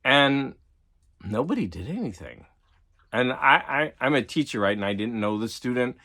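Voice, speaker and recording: A middle-aged man chatting on his own show, loose and unscripted. He rambles, circles back, and leans on "like" as he thinks aloud. His pitch sits in an ordinary middle range for a man. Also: very animated, normal speed, fairly bright tone. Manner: rambling, repeats himself, filler-heavy with "like". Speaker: teacher and collector vlogger. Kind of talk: casual rambling monologue.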